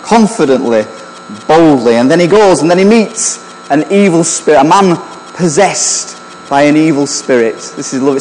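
A man's voice: fairly high pitch, a little mellow, a little hiss or hum. Man preaching in an echoey hall. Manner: conversational, asks the congregation questions. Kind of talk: sermon.

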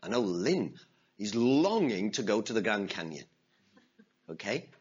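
A man preaching a sermon as pastor, telling stories with animated acted-out voices and asking the congregation to respond. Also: fairly low pitch, measured pace, slightly rough, dull audio. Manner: animated storyteller, acts out voices. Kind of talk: sermon with story and call-and-response.

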